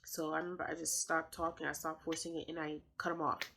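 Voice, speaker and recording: A woman's voice: low-pitched, little pitch movement, fast, creaky, pushed and bright, breathy edge, rough recording. A young woman sharing a personal faith testimony, earnest and heartfelt, often repeating her phrases for emphasis.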